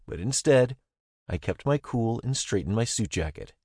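A young man narrates a first-person novel aloud, his tone wry and easygoing. His voice is medium-pitched, expressive, slightly mellow and husky, and he reads at a moderate pace. The recording is dry and has a clean studio sound.

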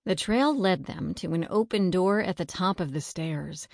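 A woman narrating a children's story in a steady reading voice. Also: on the low side, moderate pace, vocal fry, dry recording, studio quality.

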